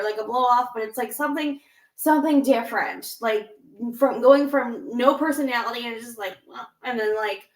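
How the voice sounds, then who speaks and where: A woman's voice: fairly high pitch, a bit bright, reverberant. A woman in her thirties co-hosting a podcast, talking in a rambling, casual way full of fillers and playfully acting out quoted lines. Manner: chatty, rambling, lots of "like" and "um". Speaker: podcast co-host. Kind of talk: casual chat.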